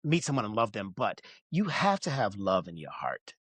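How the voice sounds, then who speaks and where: Expressive man from Alabama, lively pitch. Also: moderate pace, breathy edge, dry recording. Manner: warm-hearted, expressive, earnest. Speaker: actor in a stage musical. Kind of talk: casual interview chat.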